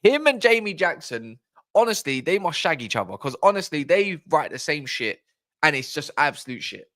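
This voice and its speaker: A man's voice: a little high, very animated, moderate pace, fairly bright tone, dry recording, studio quality. A man hosting a football fan channel, chatting casually on a live stream in a blunt, rambling way and swearing freely.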